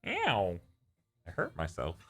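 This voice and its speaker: A man's voice: sits low, huge pitch swings, slow pace, sharp tone, breathy edge. A young man co-hosting a game stream, chatting in a laid-back, teasing, rambling way. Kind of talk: casual chat.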